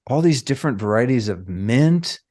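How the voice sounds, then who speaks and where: A man hosting a podcast, telling a personal story in a casual, reflective way with drawn-out phrases. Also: mid-range voice, animated, a little mellow. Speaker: podcast host.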